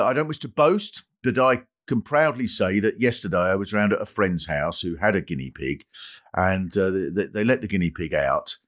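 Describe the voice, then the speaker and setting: A male comedian hosting, delivering a mock-solemn, sarcastic satirical monologue that swells into a pompous rant. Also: lowish voice. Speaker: comedian host.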